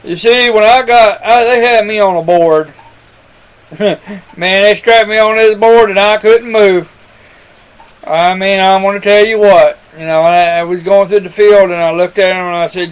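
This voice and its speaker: A man's voice: high-pitched, fairly even intonation, moderate pace, smooth, poor audio. A man telling a personal testimony to his webcam, rambling and earnest, calling the listener son. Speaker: webcam storyteller.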